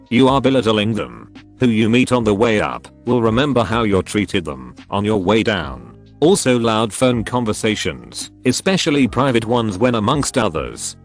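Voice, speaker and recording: A man narrating forum posts in an even scripted read, spelling out acronyms letter by letter. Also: lowish voice.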